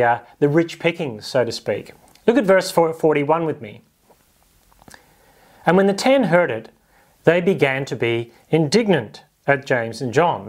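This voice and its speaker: A man preaching a sermon, lively and animated, slipping into quoted voices to make his point. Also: on the high side. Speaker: pastor.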